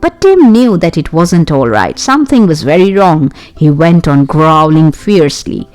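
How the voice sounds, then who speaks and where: A woman's voice: moderate pace, faint music behind. Woman narrating a children's adventure story. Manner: expressive, raises her pitch for the children's lines. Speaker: audiobook narrator. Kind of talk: storybook narration with character voices.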